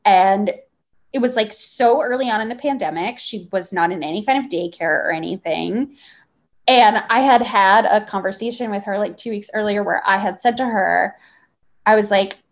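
A woman's voice: mid-range voice, moderate pace. Woman, 30s, candid guest storyteller, filler-heavy and profane, slightly dull lo-fi sound. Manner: animated, profane, full of fillers. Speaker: guest journalist.

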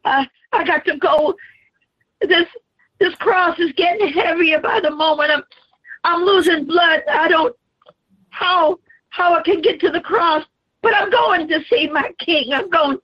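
A woman preacher voicing Jesus as a suffering man carrying the cross, pleading and crying out in a dramatic sermon portrayal. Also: very high voice. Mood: anguished. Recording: slightly dull lo-fi recording.

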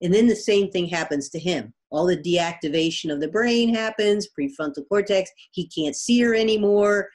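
Woman explaining with lively examples. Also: lowish voice, normal speed, hardly any pauses. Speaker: guest expert, biology professor. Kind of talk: conversational interview.

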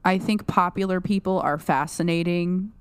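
A woman's voice: fairly low pitch, moderate pace, smooth, dry recording, clean studio sound. A woman with a New Jersey accent co-hosting a casual podcast, chatting and laughing as she quotes lines from the show. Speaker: podcast co-host. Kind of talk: casual chat.

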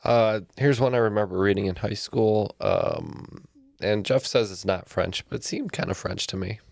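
A man's voice: fairly low pitch, very animated, moderate pace, creaky, darkish tone, dry recording. A man playing along on a trivia podcast, hesitant and teasing. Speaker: quiz contestant. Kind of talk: casual chat.

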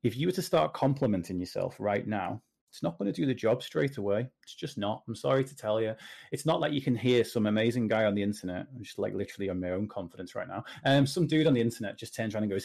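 Lively British man, low voice. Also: vocal fry, husky. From Britain. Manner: animated, jokey, talks in quick asides. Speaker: podcast guest, confidence coach. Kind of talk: casual interview chat.

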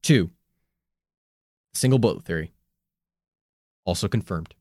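A man's voice: sits low, lively intonation, measured pace, darkish tone, no room sound, studio quality. A man co-hosting a casual podcast, handing out verdicts one by one and joking around. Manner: verdict-giving, joking, swears, laughs. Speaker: podcast co-host. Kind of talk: casual conspiracy podcast chat.

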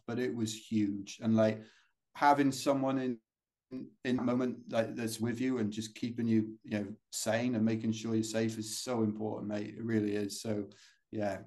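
A man's voice: lowish voice, darkish tone. Chatty British man telling stories. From United Kingdom. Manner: chatty, rambling, many fillers and restarts. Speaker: podcast guest, ultrarunner. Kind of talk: casual interview storytelling.

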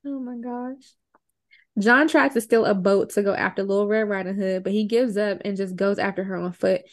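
A woman's voice: mid-range voice, fairly even intonation, moderate pace. A woman podcast co-host recapping a movie plot in a conversational, wry and indignant way.

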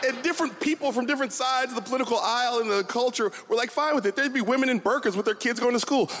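A man performing a stand-up comedy set, telling animated stories and mocking voices. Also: very high voice, quick pace, hardly any pauses. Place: comedy venue with a live audience. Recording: loud crowd and noise.

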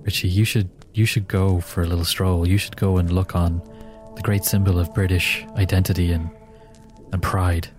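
An Irish man with a very deep voice, co-hosting a podcast and making teasing deadpan jokes. Whale-song music is clearly heard behind him. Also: moderate pace. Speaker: podcast co-host. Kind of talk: comedic banter.

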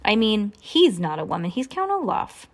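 A woman's voice: mid-range voice, very animated, moderate pace. A woman reading aloud as a determined orphan girl who pleads earnestly with adults. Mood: pleading.

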